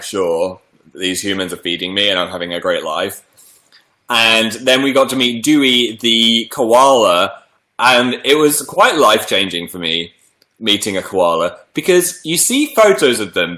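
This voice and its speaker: A man's voice: mid-range voice, fairly bright tone, echoey room. A man, chatting playfully on a livestream and reading viewer messages, with a slight cold. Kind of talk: casual livestream chat.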